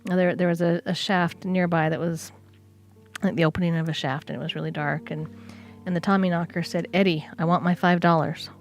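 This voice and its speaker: A woman's voice: fairly low pitch, flat delivery, a little fast, soft background music. A woman co-hosting a podcast, casually retelling a folk tale with chatty asides and fillers. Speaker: podcast co-host. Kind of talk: casual storytelling.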